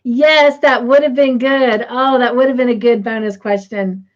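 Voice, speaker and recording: A woman's voice: fairly high pitch, steady tone, normal speed. A woman hosting a casual livestream, chatty, reading viewer comments aloud and tallying quiz scores. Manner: chatty, says "y'all", reads comments aloud. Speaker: livestream host. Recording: slightly dull lo-fi stream audio.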